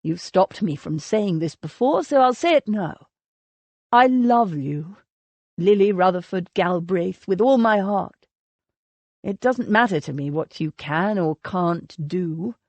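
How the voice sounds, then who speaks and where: A woman voicing an ardent young male aristocrat, speaking low, tender and earnest. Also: sing-song, fairly quick, darkish tone, breathy edge, dry recording.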